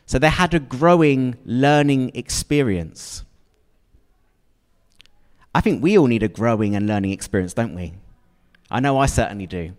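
With a medium-pitched, animated voice, a man preaches at a moderate pace and pauses often. He talks with his congregation in a chatty, questioning style, regularly checking in with them, and the church hall adds a long reverb to the recording.

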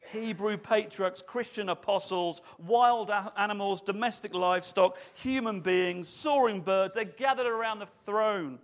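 A man with a high, light voice, delivering a sermon in a church. He talks in an animated, conversational way and turns to put questions to the people in front of him. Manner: animated, chatty, asks the congregation questions. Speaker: preacher.

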